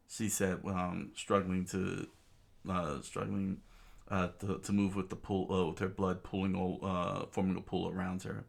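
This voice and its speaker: A man's voice: low-pitched, little pitch movement, unhurried, gravelly. A man casually reading a comic aloud, hesitant, with many fillers and self-corrections. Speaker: reader.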